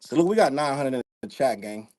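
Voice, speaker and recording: A man's voice: mid-range voice, expressive, fairly quick, darkish tone. A young man hosting a casual livestream, talking in loose slang, rambling, laughing often and reading out the chat. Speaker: livestream host.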